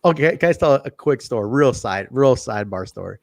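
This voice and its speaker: A man's voice: medium pitch, animated, a little fast, vocal fry, darkish tone, no room sound. A man co-hosting a wrestling podcast in casual chat, swearing freely, rambling and laughing often. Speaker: podcast co-host.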